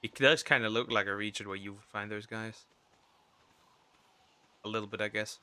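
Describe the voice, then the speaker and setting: Streamer type: young man, very bright tense tone, rambling gameplay chatter to himself. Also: lowish voice, steady tone, normal speed, pauses often. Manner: rambling, talks to himself while playing. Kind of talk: casual gameplay commentary.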